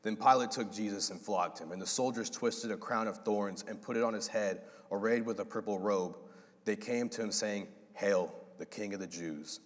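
A low-voiced man preaching a sermon with lively delivery, acting out the voices in the passage he tells. His words ring with a long reverb, as in a large hall. He talks casually to the congregation. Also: moderate pace. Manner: animated, acts out voices of God and Adam. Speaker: pastor.

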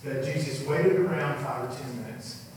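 A man preaching a sermon, telling stories in an animated way and acting out the voices of the people in them. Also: mid-range voice, moderate pace, slight background noise. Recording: echoey hall, mic far off, faint ambience.

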